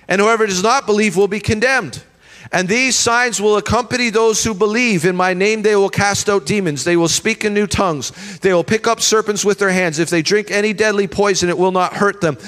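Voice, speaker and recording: A man's voice: sits high, fairly bright tone. A man preaching a sermon as pastor, emphatic and leading the congregation in call-and-response. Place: church hall. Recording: long reverb of a church hall.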